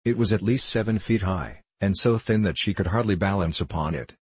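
A man narrating an audiobook in a measured storytelling manner. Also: deep voice, darkish tone, slightly rough, no echo.

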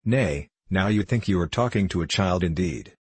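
A man's voice: low-pitched, expressive, normal speed, breathy edge, no room sound. A man reading a stubborn young lady. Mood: earnest. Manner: earnest, protesting. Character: spirited young gentlewoman, innocent and stubborn. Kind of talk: audiobook character reading.

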